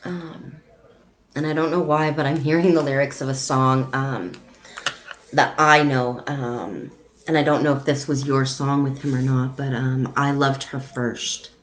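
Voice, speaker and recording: A woman psychic medium giving a live-streamed reading in a soft, halting delivery with frequent pauses and ums. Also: extremely low pitch, fairly even intonation, slight background noise, low-quality recording.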